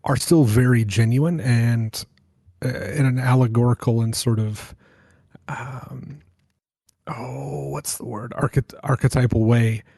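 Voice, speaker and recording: A man on a podcast panel talks through film style thoughtfully, stopping to hunt for the right word. His tone is mellow and warm. The recording is dry. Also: medium pitch, steady tone, unhurried, gravelly, slightly rough, no echo. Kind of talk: casual film discussion.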